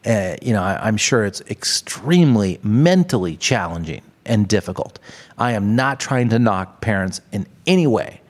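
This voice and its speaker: A man's voice: lowish voice, lively intonation, normal speed. A man hosting a podcast, ranting in a casual, comedic way, swearing often and laughing at his own jokes. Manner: profane, laughing, exaggerated ranting. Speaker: podcast host.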